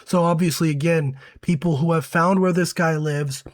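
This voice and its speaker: Hoarse male commentator, slightly high voice, chatty, keeps asking "right?". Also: steady tone, moderate pace, no room sound. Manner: conversational, uses fillers like "right?". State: hoarse, recovering from illness. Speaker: commentary host. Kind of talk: casual commentary to camera.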